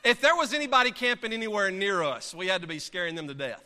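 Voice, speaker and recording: A man, a pastor, preaching and telling a story from the pulpit in an animated, dramatic way, heard in a church sanctuary. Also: sits high, fast talker. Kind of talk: sermon storytelling. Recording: long reverb of a large hall.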